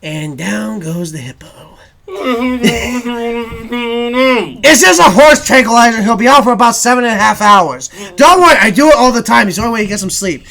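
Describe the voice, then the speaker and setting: A man's voice: very high-pitched, expressive, fast, creaky, few pauses, bright, forceful tone. A man on a comedy podcast taunting a captive co-host while rummaging through a bag. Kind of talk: improvised comedy bit.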